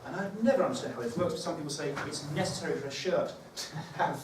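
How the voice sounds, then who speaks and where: A man's voice: a little high, quick pace. A man leading a teacher training session, talking conversationally and thinking aloud with fillers. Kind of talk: workshop talk to teachers. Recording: echoey room, far from the mic, background noise.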